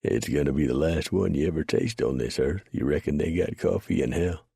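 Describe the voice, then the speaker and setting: A rough old mountain man talks in an easy folksy drawl with dry humor, as a male narrator puts him on. His voice is deep and gravelly with a husky edge. The sound is dry and close. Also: fairly quick, warm tone, no echo, exaggerated voice. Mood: wry folksy.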